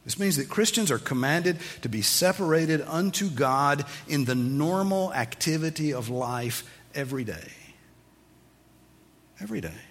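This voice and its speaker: A man's voice: fairly high pitch, big-room sound. A man preaching a sermon as pastor, teaching and asking his listeners emphatic questions. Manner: animated, rising to emphatic questions.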